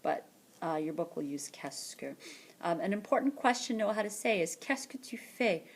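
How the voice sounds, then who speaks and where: A woman teacher narrating a screencast lesson, explaining patiently and repeating French words slowly for practice. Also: on the low side, lively intonation. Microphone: tablet or headset mic for screencast voice-over.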